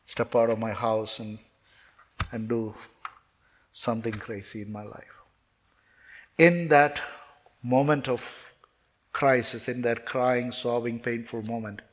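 Male preacher, mid-range voice, heartfelt testimony delivery, stammered restarts. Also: medium pitch. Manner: earnest, emotional storytelling with frequent stammered restarts. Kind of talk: personal testimony sermon.

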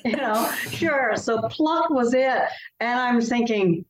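A woman's voice: fairly high pitch, takes it slowly, over a noisy crowd. A woman novelist from Canada, telling stories earnestly and expressively as an interview guest. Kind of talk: interview conversation. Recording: roomy, dull lo-fi sound.

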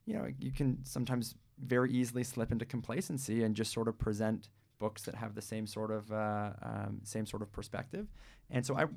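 Gravelly, hesitant male radio co-host. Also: on the low side, a little mellow. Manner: hesitant, many fillers and restarts. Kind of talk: casual chat and reading aloud.

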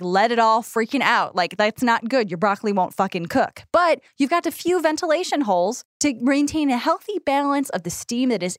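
A woman's voice: fairly high pitch, dry recording, clean studio sound. A woman co-hosting an advice podcast, rambling through jokey metaphors and swearing freely in casual chat. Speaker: podcast co-host.

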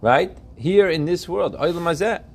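A man's voice: fairly high pitch, expressive, moderate pace. A man teaching a religious text class, often asking his students questions and checking that they follow.

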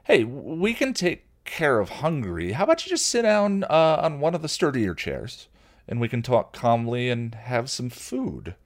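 A man voicing a nervous young man who talks high and excitably. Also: moderate pace. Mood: flustered.

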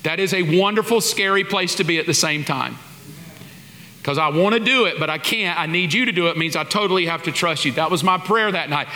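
A man tells a sermon story, animatedly voicing his own prayers and what others said. His voice sits high and rings bright and forward. The sound carries a long reverb, as in a large hall. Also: fairly quick. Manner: animated, acts out dialogue and prayers. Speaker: pastor.

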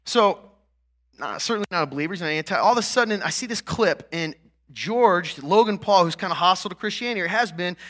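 A man preaching a sermon as a pastor sounds high, animated, and fast. He keeps it conversational with repeated "right?" and "okay?" checks before climbing to loud, emphatic peaks.

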